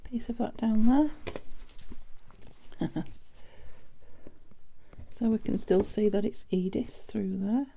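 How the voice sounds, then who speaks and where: A British woman chatting casually as she makes junk journal pieces, thinking aloud with soft half-whispered asides. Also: medium pitch, gravelly, slight background noise. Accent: British English. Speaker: craft vlogger. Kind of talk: casual crafting chat.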